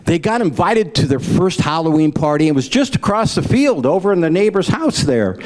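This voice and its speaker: Middle-aged male comic, folksy joke teller, slightly high, lively swooping pitch. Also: moderate pace. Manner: folksy storyteller, acts out grandparents in raised voices. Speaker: stand-up comedian. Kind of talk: folksy stand-up joke telling.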